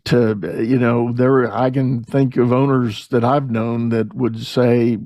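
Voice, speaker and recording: Mellow-voiced man hosting a podcast. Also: medium pitch, takes it slowly, no echo. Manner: storytelling with animated quoted voices. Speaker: podcast host. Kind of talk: conversational interview.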